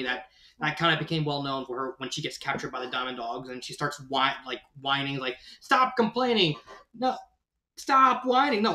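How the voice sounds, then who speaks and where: A man's voice: a little high, a bit bright. Rambling man with an echoey sound. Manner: rambling, self-correcting, lots of "like". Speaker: fan fiction reviewer. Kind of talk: casual spoken review.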